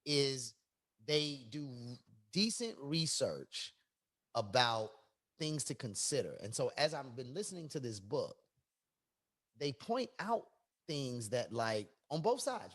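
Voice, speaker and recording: A man from Chicago co-hosting a podcast, talking casually and profanely, getting heated and loud as he makes his points. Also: a little high, unhurried. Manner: animated, profane, rising to near-shouts when riled up. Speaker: podcast co-host. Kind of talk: casual chat.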